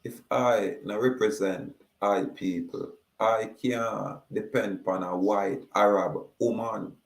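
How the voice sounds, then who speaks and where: A man's voice: lowish voice, fairly even intonation, creaky, roomy sound, rough recording. A man with a Jamaican accent giving an emphatic monologue, drawing out his words as he declaims. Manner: slow, drawn-out, declaiming. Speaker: speaker.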